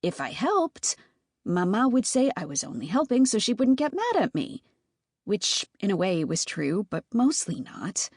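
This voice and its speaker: A woman narrating a first-person children's audiobook in an expressive, animated way, recorded close in a studio. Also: mid-range voice, measured pace, husky, dry recording. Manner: expressive, animated character reading.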